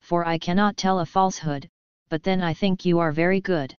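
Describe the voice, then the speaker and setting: A woman's voice: on the low side, fairly even intonation, a little fast, smooth, no room sound, lo-fi sound, lightly acted. A woman voicing a kind, honest young woman in a storybook reading, speaking earnestly and firmly. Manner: earnest, firm.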